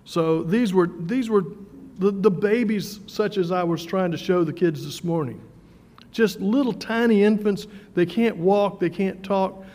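A man preaching a sermon in a conversational way, with fillers and repeated words, slowing down for emphasis. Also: high voice, mellow. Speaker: pastor. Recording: long hall reverb.

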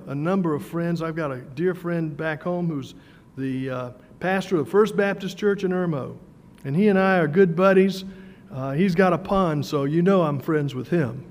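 High-voiced man preaching in a reverberant hall. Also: darkish tone. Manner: conversational, with frequent fillers and repeated words. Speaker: pastor. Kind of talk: sermon.

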